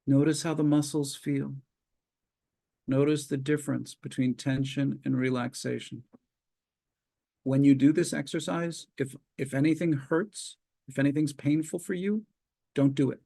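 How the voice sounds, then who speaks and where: A gravelly, higher-than-average male voice belongs to a psychologist leading a webinar on a video call. He calmly guides progressive muscle relaxation through slow, step-by-step prompts punctuated by long pauses.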